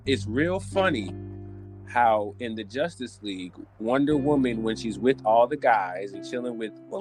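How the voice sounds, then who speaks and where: A man hosting a podcast, riffing in loose slang over music playing behind him. he sounds animated and jokey, and his pitch sits right in the middle of the male range. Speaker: podcast host. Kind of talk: casual podcast rant.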